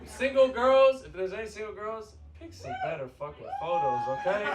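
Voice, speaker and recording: A man's voice: high-pitched, animated, moderate pace, hardly any pauses. A man from the American South doing a profane, brash stand-up comedy set on a bar stage. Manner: brash, profane, fillers like "okay?". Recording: loud live crowd laughter. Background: audience laughing.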